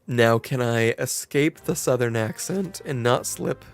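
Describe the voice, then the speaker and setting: A man's voice: mid-range voice, unhurried, faint music behind. A man chatting casually with viewers while streaming a game, chatty and self-teasing. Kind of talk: casual gameplay commentary.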